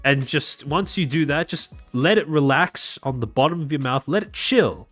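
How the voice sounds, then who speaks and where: An Australian man streams and comments in a dry, mocking way, his pitch bouncing all over as he rambles on. Soft music plays faintly behind him. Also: animated, normal speed, no echo. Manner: sardonic, rambling. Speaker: streamer host. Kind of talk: casual live-stream commentary.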